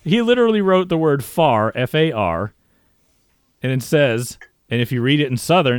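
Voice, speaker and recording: A man's voice: medium pitch, sing-song, normal speed, clean tone, no echo, clean studio sound. A man hosting a casual podcast, wry and laughing often as he reads fan messages aloud. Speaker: podcast host.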